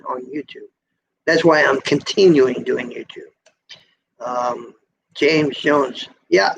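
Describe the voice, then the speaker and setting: Man, gravelly voice, high-pitched for a guy, folksy teasing live-stream chat, dull lo-fi sound. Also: a bit bright. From USA. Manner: folksy, teasing, preachy about road safety. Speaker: trucker vlogger hosting a live Q&A. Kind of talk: casual live-stream chat, reading viewer comments.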